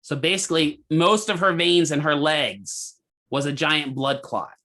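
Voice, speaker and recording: A man lecturing a physical therapy class, with a bright, forceful voice sitting a little high. He tells a clinical case like a story and stops to quiz his students. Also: unhurried. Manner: animated storyteller, asks the class questions.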